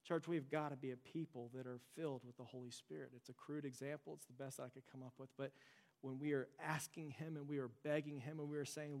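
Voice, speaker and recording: A man's voice: fairly high pitch, little pitch movement, fairly quick, a little mellow. A young adult man preaching a sermon as pastor, earnest and conversational, mixing storytelling asides into his message. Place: church sanctuary. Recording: long church hall reverb.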